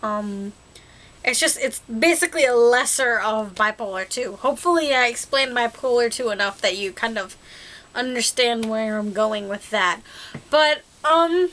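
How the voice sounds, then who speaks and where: Bright-voiced chatty young woman vlogger. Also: fairly high pitch, animated, unhurried. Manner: chatty and rambling, laughing often. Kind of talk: casual talk to camera.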